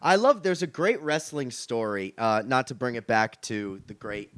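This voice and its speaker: A man co-hosting a comedy podcast over a remote call, sarcastic and animated, telling stories with mock anger. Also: medium pitch, normal speed, no room sound. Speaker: podcast co-host. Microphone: remote call mic.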